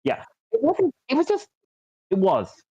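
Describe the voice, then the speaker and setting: A man with a very high, husky voice swings hugely in pitch and takes his time, co-hosting a podcast in casual chat. He rambles with lots of ums, likes, fillers and restarts. The recording is dull, lo-fi and dry, with no room sound.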